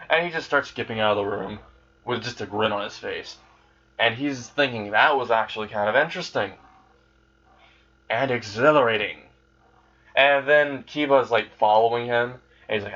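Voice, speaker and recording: A man's voice: medium pitch, normal speed, a bit bright, muffled recording. A man casually retelling a fan-made story, rambling and swearing freely as he goes.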